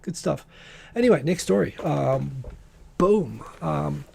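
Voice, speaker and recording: A man's voice: on the high side, fairly quick, vocal fry, dark tone, a little hiss or hum. A man hosting a live stream, chatting casually and rambling as he greets viewers by name. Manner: rambling, reads viewer names aloud.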